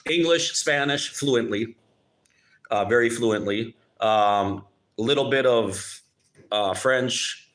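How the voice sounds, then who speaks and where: A man's voice: mid-range voice, a bit bright. Rambling man chatting live. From Minnesota, United States. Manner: rambling, halting, with many restarts and sarcastic asides. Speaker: YouTube channel host. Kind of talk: casual live-stream chat.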